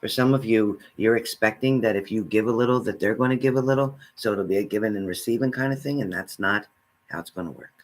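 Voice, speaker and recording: A man's voice: lowish voice, fast. A man giving a spiritual reading, speaking earnestly and straight to the listener, repeating his phrases. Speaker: spiritual reader.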